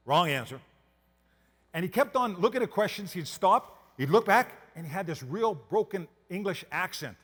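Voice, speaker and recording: A man's voice: sits high, expressive, normal speed, fairly bright tone, breathy edge, in a large hall. A man from Canada giving a motivational keynote talk. He tells folksy stories and asks the audience questions. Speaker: motivational speaker.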